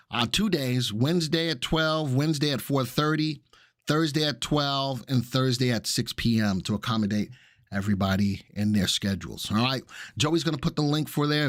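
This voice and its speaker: A man's voice: mid-range voice, no room sound, clean studio sound. Chatty man hosting a live stream. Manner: chatty, upbeat, many fillers. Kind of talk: casual live stream talk.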